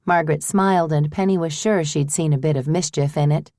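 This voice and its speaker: Woman, audiobook narrator, low voice, measured, dry sound. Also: mellow, no echo.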